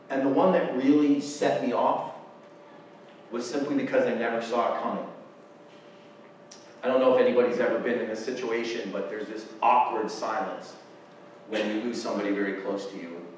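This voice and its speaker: A man's voice: medium pitch, darkish tone, slight background noise. A man giving a personal storytelling talk from a stage, speaking in a heartfelt, emotional way and sometimes stumbling over his words. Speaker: keynote speaker. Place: lecture hall or stage. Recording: roomy hall from far off.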